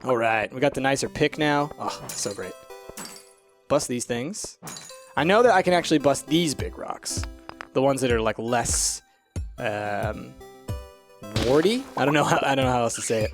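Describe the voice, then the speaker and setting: A man recording a relaxed let's-play, talking through his choices as he goes and thinking aloud, with plenty of fillers and restarts. His voice sits at an ordinary middle pitch, and soft game music plays faintly underneath. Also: moderate pace, pauses often. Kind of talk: casual gameplay commentary.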